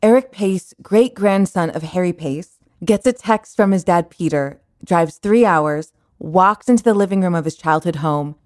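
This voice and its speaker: A woman co-hosting a podcast, narrating a documentary story in a calm, conversational way. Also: lowish voice, normal speed, no echo, clean studio sound. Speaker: podcast co-host.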